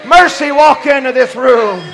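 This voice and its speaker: A man preaching a sermon from a church pulpit, shouting at times and dropping low at others, often stumbling over his words. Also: a little slow, gravelly. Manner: impassioned, swings from shouting to near-quiet.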